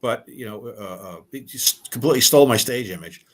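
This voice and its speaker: A man's voice: mid-range voice, brisk. An older man who is a rock musician, telling stories as an interview guest. He acts out quoted dialogue and often repeats and restarts words. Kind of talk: storytelling in a casual interview.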